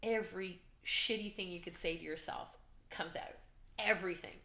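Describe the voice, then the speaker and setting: A woman guest telling her story in an interview, animated and earnest, acting out shouts and her own inner voice. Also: lowish voice, moderate pace, reverberant. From Canada. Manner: emotional, earnest. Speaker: podcast guest, business coach.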